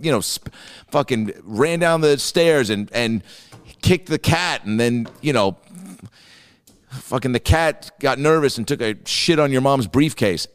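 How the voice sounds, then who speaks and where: A man's voice: mid-range voice, in a large hall. A man hosting a comedy reaction show, riffing profanely on a clip and acting out the people in it. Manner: animated storytelling, heavy swearing, acts out voices. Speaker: host reacting to a video clip.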